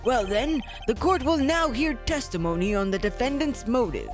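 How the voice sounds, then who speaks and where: A stern, formal courtroom judge, as a woman reads him in a lively, fairly high voice. He makes measured, official announcements. Game music rings out clearly behind. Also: lightly acted. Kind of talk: reading game dialogue aloud.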